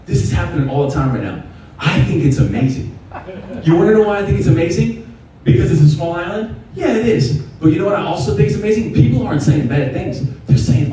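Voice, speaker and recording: A man preaching a sermon as pastor in a church, impassioned and at times shouting with laughter. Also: fairly high pitch, expressive, fast, slight background noise. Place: church sanctuary. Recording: echoey hall from far off. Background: congregation responding.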